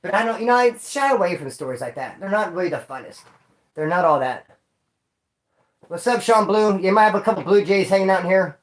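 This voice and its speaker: A man hosting a livestream tells stories casually, using slang, rambling, and repeating himself. His voice sits high, sounds expressive, and moves a little fast. The recording has a roomy echo.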